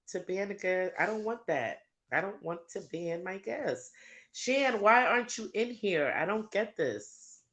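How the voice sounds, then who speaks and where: A woman's voice: medium pitch, a bit bright. A woman hosting a casual livestream. She chats to viewers and laughs often while she sorts out her settings. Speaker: livestream host.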